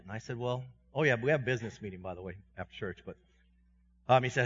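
Bright-voiced man preaching in a church hall. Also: animated, brisk. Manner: conversational, self-deprecating humor; voice swings from loud and high to quiet and low. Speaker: pastor. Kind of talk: sermon. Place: church sanctuary. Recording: dull sound with long reverb in a church hall.

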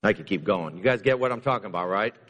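A man preaching a sermon as pastor, emphatic, repeating key lines and moving between loud and hushed delivery. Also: fairly low pitch, lively intonation, quick pace. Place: church. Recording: long reverb of a church hall.

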